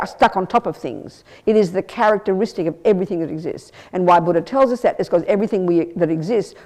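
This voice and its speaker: In a meditation centre hall, an older Buddhist nun gives an emphatic dharma teaching. Her voice is lowish with a darkish tone, and she repeats and restarts phrases as she explains.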